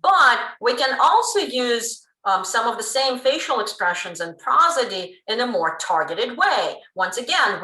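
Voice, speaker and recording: A woman giving a pre-recorded linguistics lecture, explaining in a lively way with frequent ums. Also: fairly high pitch. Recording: roomy room sound.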